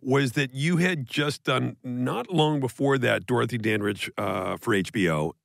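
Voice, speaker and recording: Male podcast co-host, gravelly tone, dry close sound, playful teasing delivery. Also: mid-range voice, no room sound. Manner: playful, teasing, drawn-out build-ups. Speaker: podcast co-host introducing guest. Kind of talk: casual podcast chat.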